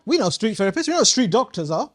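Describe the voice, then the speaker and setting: High-voiced man teaching a workshop. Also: very animated, rapid-fire. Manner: playful, quizzing the audience, slangy asides. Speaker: community coaching trainer. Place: workshop room with an audience.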